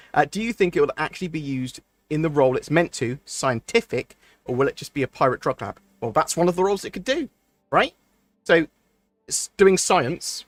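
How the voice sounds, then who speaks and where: A man's voice: mid-range voice, dry recording. A man streams live and answers viewer questions in a loose, rambling way. He fills gaps with ums and starts sentences over. His voice is close and dry, with faint music underneath. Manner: rambling, thinks aloud with many ums and restarts. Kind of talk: casual live-stream chat.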